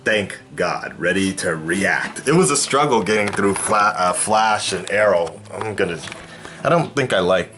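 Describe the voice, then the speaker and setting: Over music, a man with a deep, animated voice talks at a measured pace on his vlog, where he reacts to content on YouTube. The chat is casual and rambling, full of fillers and restarts, and he projects toward a camera mic set a distance away.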